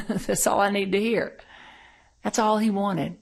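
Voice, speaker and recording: A woman's voice: medium pitch, steady tone, slow pace, creaky. A middle-aged woman minister giving a conversational, story-filled sermon. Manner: conversational, storytelling, laughs often.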